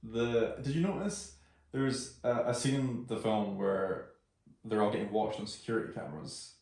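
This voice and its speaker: A man's voice: fairly low pitch, moderate pace, darkish tone. A man co-hosting a film podcast, speaking in a hesitant, meandering way. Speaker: podcast co-host. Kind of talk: casual film review chat. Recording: very echoey, distant from the mic.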